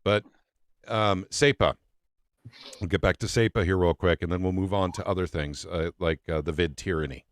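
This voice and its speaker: A man's voice: low-pitched, steady tone, moderate pace. A man hosting a casual political talk show, speaking emphatically and repeating phrases for effect. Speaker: podcast host.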